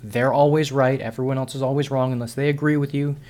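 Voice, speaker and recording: A man's voice: mid-range voice, steady tone, fast talker, a little mellow. Frustrated, sarcastic man ranting to camera. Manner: frustrated, sarcastic and rambling, with many restarts. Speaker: vlogger. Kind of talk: unscripted opinion monologue to camera.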